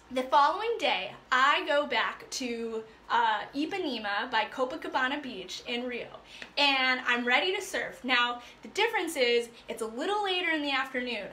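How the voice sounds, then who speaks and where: A woman life coach telling a personal story to her viewers in a chatty, animated way, full of fillers. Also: high voice, roomy sound, a little hiss or hum. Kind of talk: casual storytelling to live viewers.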